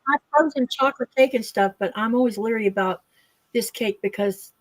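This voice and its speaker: A woman's voice: on the high side, fairly quick, no echo. A woman in a casual chat, giving practical, matter-of-fact advice. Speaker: guest in a sewing circle chat.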